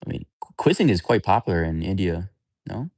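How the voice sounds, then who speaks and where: This man is running a live stream, answering questions from viewers in an unguarded, meandering way and not mincing words. His fairly low, darkish voice swings widely in pitch and moves fairly quickly. The sound is close and dry, with no room sound at all.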